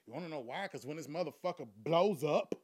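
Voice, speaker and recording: A man's voice: on the high side, lively intonation, fairly quick, darkish tone, breathy edge. A man telling a crude, profane story in a loose conversational monologue, laughing often.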